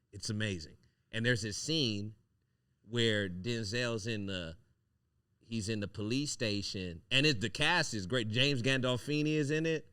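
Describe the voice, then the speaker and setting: A man's voice: fairly low pitch, fairly bright tone, clear, resonant tone, no echo, studio quality. A man hosting a casual podcast chat, a rambling, profane storyteller who often restarts his sentences. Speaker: podcast host.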